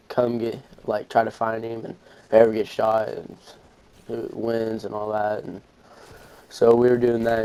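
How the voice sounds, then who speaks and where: A young man from Arkansas hosts a gaming channel, casually telling a long story over gameplay, rambling with fillers and restarts. His mid-range voice is a little mellow, and the recording is rough.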